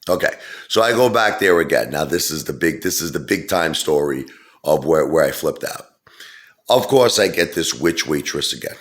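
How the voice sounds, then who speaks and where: A man's voice: a bass voice, animated, moderate pace. A middle-aged man telling a rambling, casual story full of fillers and asides. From Brooklyn, New York. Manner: rambling, digressive, many fillers. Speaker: vlogger.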